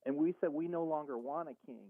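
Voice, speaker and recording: A man's voice: fairly high pitch, fast talker, no echo. A man calling in to a talk radio show, arguing his point earnestly and acting out conversations he had. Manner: earnest, argumentative, retells conversations. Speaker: caller. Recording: tinny phone line.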